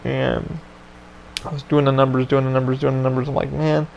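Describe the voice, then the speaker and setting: A man's voice: medium pitch, monotone, fairly quick, vocal fry, a little mellow, lo-fi sound, a little hiss or hum. A man hosting a podcast, telling a story in a casual chat with lots of swearing and loose rambling. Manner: profane, laid-back, loose rambling. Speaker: podcast host.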